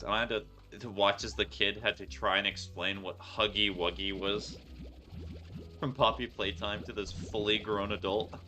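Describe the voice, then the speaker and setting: Playful young man with a bright voice. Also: fairly low pitch, steady tone, moderate pace. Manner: chatty, playful, laughs often. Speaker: gaming streamer. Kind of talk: casual gameplay commentary.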